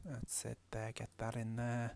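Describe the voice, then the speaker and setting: A man's voice: medium pitch, completely flat delivery, unhurried, vocal fry, a little mellow. A man with a Northern English accent, chatting casually and swearing freely as he tells a story while playing a game. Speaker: gaming vlogger.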